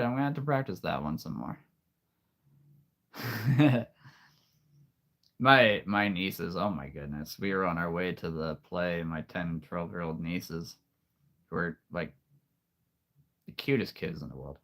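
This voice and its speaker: A man in his late thirties chatting casually with viewers on a live stream, easygoing and quick to laugh. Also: sits low, a bit bright. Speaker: streamer and voice performer.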